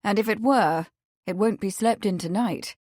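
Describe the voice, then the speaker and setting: A woman doing a kindly Victorian gentleman. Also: medium pitch, no echo, clean studio sound, close to an everyday voice. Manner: kindly, measured.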